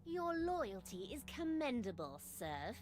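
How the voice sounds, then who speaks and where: A man's voice: very high voice, very animated, slow pace, soft background music, exaggerated voice. An actor voicing a manic, grandiose male cartoon rabbity creature in a game, speaking theatrically and pompously.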